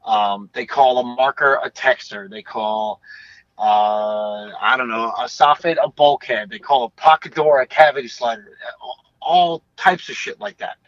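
A man's voice: medium pitch, unhurried, a bit bright, no room sound, dull audio. A young man chatting casually as an interview guest, rambling and swearing freely. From United States. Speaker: guest bassist.

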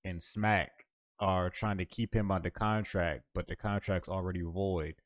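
A man's voice: sits low, steady tone, unhurried, dry recording, studio quality. A man co-hosting a podcast, laying out a story at length in casual slang. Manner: laid-back, explains news at length in slang. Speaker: podcast co-host. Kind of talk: casual chat.

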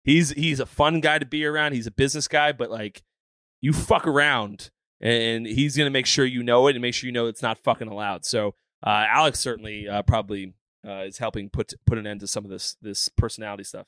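A man's voice: medium pitch, steady tone, fairly quick, fairly bright tone, no room sound. A man who played pro baseball, co-hosting a sports podcast, emphatic with many fillers and some swearing. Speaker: former pro ballplayer, podcast co-host. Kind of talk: casual sports podcast chat.

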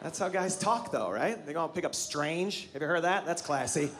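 A man's voice: a little high, brisk, a bit bright. Sarcastic man doing stand-up, crowd noise. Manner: sarcastic, teasing crowd work. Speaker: stand-up comedian. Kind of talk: stand-up set. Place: comedy stage before a live audience. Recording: live show with clear crowd noise.

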